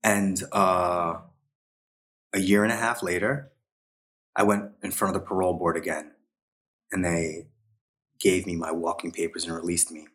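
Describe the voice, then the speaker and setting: A man's voice: low-pitched, little pitch movement, moderate pace, long pauses, a bit bright. A man, a podcast guest, telling a long personal story in a casual way and briefly quoting the people in it. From New York. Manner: quotes others in short acted asides.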